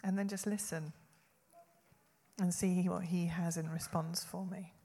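A woman's voice: on the low side, fairly even intonation, unhurried, warm tone. A woman giving an earnest, conversational personal testimony about prayer in a church hall. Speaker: church speaker. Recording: long hall reverb.

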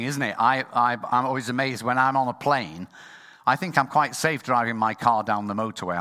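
A man preaching a sermon as pastor of his church, earnest and sometimes dropping to a hushed tone. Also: fairly low pitch. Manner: earnest, softening to a hushed close. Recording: long church hall reverb.

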